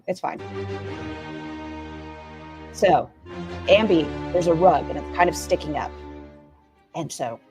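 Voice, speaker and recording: A middle-aged woman reacting to clips on a stream, sarcastic and full of animated asides. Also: deep voice. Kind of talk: casual commentary on clips.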